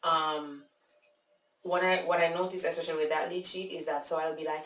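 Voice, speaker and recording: A Jamaican woman vlogger telling a casual, animated story, with frequent fillers. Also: deep voice, brisk. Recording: echoey room, distant mic.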